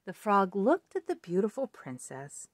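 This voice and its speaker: A woman reading a children's picture book aloud in an expressive read-aloud delivery. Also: medium pitch, unhurried, no echo, clean studio sound. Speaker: storybook reader.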